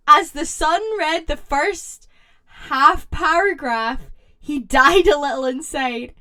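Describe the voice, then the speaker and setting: A young woman streamer chatting casually with viewers and reading stories aloud, excitable and reacting loudly. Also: high voice, slow.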